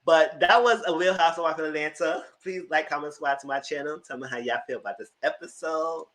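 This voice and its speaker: A man recapping a TV episode in a casual review, chatty and animated, dropping sassy asides and laughing often. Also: a little high, a little fast. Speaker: TV recap YouTuber.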